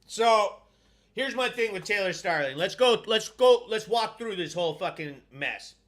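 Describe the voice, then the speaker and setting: A man hosting a live stream on his own, reading out viewer comments and giving shout-outs in a loud, profane, hyped way. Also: high voice, expressive, normal speed. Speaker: host.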